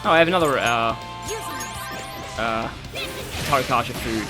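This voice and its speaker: A let's-play host chatting through a boss fight, the voice swinging up and down as it complains about healing and buffs. Game music plays clearly underneath. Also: medium pitch, very animated, moderate pace. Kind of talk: gameplay commentary.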